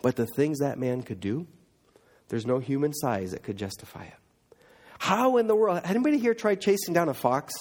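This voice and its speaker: A man preaching a sermon, telling stories with big swings between loud emphatic lines and quiet low asides. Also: sing-song, normal speed.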